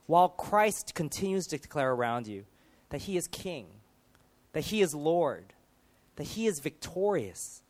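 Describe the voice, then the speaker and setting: A man preaching a sermon, building through emphatic rhetorical questions and dropping to quieter moments. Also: on the high side, expressive, normal speed.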